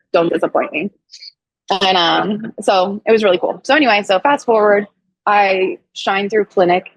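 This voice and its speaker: Woman in her 30s, podcast guest, animated storyteller, slightly low husky voice, close dry sound. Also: no echo, low-quality recording. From Missouri. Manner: animated, acts out quoted voices, frequent "like". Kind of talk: casual storytelling in an interview.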